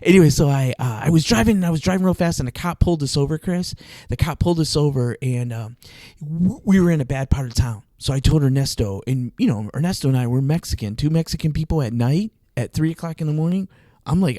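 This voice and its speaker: A man casually telling an animated story on a podcast, laughing often. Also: a little high, a little fast, hardly any pauses, no echo. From Arizona, US. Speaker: podcast host.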